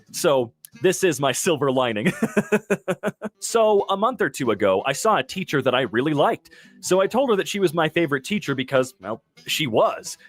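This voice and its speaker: A man's voice: on the high side, fairly bright tone. A man hosting a casual reaction commentary, reading captions aloud and adding joking asides. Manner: jokey asides after each reading. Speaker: host reacting to wholesome posts.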